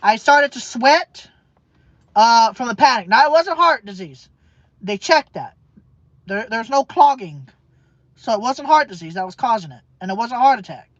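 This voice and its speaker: A man's voice: very high voice, lively intonation, moderate pace, a bit bright, dry recording. Man, vlog monologue, rambles and repeats, dull lo-fi recording. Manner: rambling and repetitive. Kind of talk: personal monologue.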